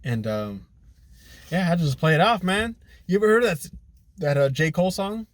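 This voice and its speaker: Young male co-host, slightly high voice, animated storyteller, casual drinks talk. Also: a little fast, no room sound. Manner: animated, acts out quotes with laughs. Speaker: podcast co-host. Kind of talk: casual chat over drinks.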